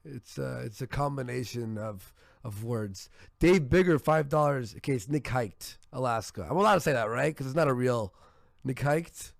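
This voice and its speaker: A man's voice: medium pitch, moderate pace, vocal fry, no echo, clean studio sound. Tired-throated male livestream host. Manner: loose, joking, reads donation messages aloud. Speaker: livestream host reading donations. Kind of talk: casual livestream chat.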